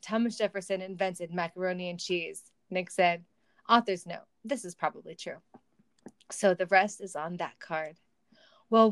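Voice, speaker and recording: A woman's voice: mid-range voice, no echo. A woman reading a silly story aloud for comedy, with wry asides and laughter. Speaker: reader of a fan story.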